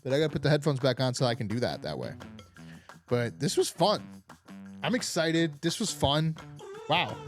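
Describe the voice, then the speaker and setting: A man's voice: on the high side, sing-song, moderate pace, pauses often, faint music behind. A young man hosting a political comedy podcast, talking in a rambling, sarcastic way with lots of filler words. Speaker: podcast host. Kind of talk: unfiltered political comedy monologue.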